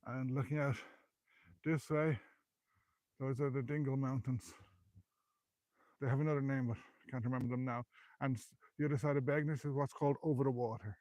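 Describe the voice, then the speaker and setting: Climbing a hillside graveyard with a handheld phone, a breathless Irish man hosts a live history vlog as a local guide. His medium-pitched, darkish voice holds a steady tone at normal speed with long pauses, in a dry recording, while he chats, rambles and self-corrects.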